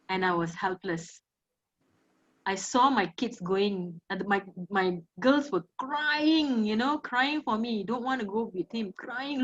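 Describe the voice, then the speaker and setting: A woman's voice: on the high side, highs cut off. A woman with a Malaysian English accent, a guest telling of her own past in an emotional, emphatic way, close to tears. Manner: tearful, emphatic storytelling. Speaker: guest, survivor of domestic violence. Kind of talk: emotional personal testimony.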